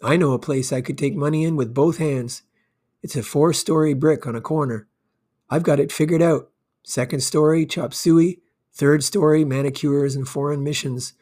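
A man voicing an eager, scheming male cab driver who pitches his plan in a salesmanlike way. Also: fairly even intonation, normal speed, darkish tone, lightly acted.

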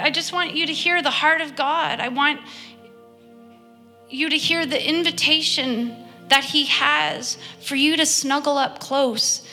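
A woman preacher giving an earnest, heartfelt sermon, reading scripture and pausing often. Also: high-pitched, pushed and bright. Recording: long hall reverb, faint music behind.

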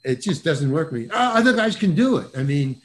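An older man with a slightly raised voice spins anecdotes over a video call. He trips over restarts, doubles back, then bursts into lively voices for the people in his tale. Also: on the high side, a little fast. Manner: animated, stammering restarts, acts out others' voices in quotes. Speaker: guest actor. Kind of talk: casual anecdotal storytelling.

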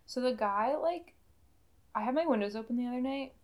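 Young woman co-host, casual podcast chat, slightly high voice, animated filler-heavy storytelling. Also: brisk.

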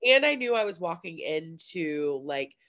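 Chatty woman co-host, lower voice. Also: big pitch swings, measured pace, a bit bright. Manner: chatty, many fillers and quoted asides. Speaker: podcast co-host. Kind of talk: casual chat. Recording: slightly dull lo-fi audio.

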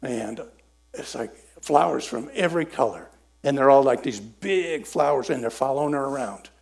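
A man preaching a sermon and telling a story, acting out voices and swinging between loud and soft. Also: medium pitch, expressive, normal speed, gravelly.

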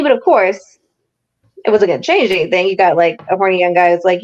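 A woman's voice: fairly low pitch, a little fast, dull audio. A woman co-hosting a casual podcast, retelling scenes and acting out the quotes. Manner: animated retelling, acts out quotes. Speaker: podcast co-host. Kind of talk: casual chat about a TV series.

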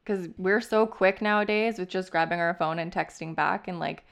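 A woman co-hosting a casual podcast in a low, creaky voice. She pokes fun at herself and laughs easily. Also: little pitch movement, normal speed. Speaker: podcast co-host. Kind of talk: casual chat.

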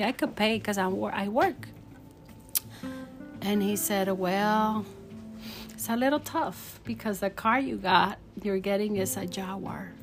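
A middle-aged woman telling a personal faith testimony in a storytelling way, acting out the voices of the people in it. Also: medium pitch. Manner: animated, acts out quoted dialogue. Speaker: testimony speaker.

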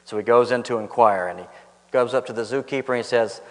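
A man's voice: mid-range voice, fast talker, long reverb tail. A man preaching a sermon in a church, telling stories and driving home points by repeating key lines. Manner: storytelling, emphatic repetition, rises on punchlines. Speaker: pastor. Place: church sanctuary.

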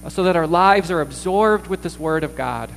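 An earnest man delivers a sermon from the pulpit, his voice a touch high. He pauses often and repeats words as he goes. The sound rings with a long church reverb over a low electrical hum. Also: a bit bright. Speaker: pastor. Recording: distant reverberant hall with mains hum.

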